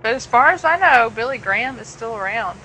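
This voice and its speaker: A woman's voice: on the high side, animated, fairly quick, crowd noise, low-quality recording. A woman in casual chat with friends, jokey and chatty, often trailing off mid-sentence. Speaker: podcast co-host.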